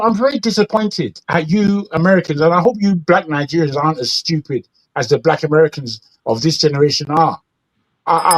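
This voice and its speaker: A man hosting a news commentary show, his voice sitting a little high for a man. He rambles and restarts, hammering his points with indignation. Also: low-quality recording. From England. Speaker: host.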